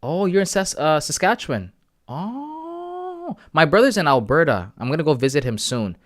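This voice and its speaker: A young man, chatting casually on a trading livestream, laid-back and slangy, reading out comments and breaking into loud shout-outs. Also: on the high side, lively intonation, fairly quick, dry recording, studio quality. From Canada. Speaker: live-streaming forex trader.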